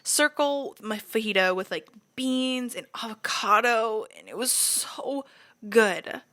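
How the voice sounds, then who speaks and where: Young woman podcast host with a bright voice, casual and chatty, swears freely and plays out what people said. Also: a little high, slow. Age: young adult. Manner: acts out quoted lines with voices. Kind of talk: casual storytelling chat.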